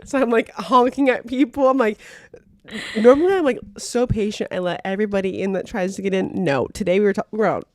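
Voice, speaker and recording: A young woman co-hosting a podcast, telling a story in animated, laughing casual chat, full of "like". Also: mid-range voice, a little fast. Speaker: podcast co-host.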